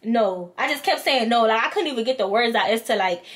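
A woman's voice: fairly high pitch, lively intonation, brisk. A woman vlogger, animatedly telling a storytime and acting out both sides. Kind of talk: storytime vlog.

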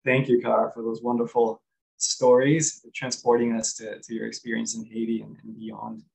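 Man, webinar moderator, polite, hesitant fillers, monotone. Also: medium pitch, moderate pace, vocal fry, rough recording.

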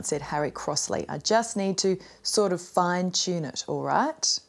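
A woman's voice: fairly low pitch, expressive, a little slow, gravelly, soft background music. An Australian woman TV interviewer asking direct questions.

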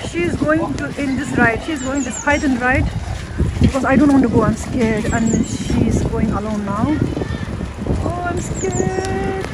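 A woman from India with an Indian English accent, chatting excitedly as she vlogs a family day out at a theme park. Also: fairly high pitch, normal speed, heavy background noise. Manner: chatty, excitable, mixes in Hindi phrases. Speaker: vlogger, mother. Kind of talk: casual family vlog.

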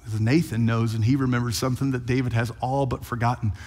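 A male pastor preaching an animated sermon and retelling scripture playfully. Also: medium pitch, quick pace. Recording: long hall reverb.

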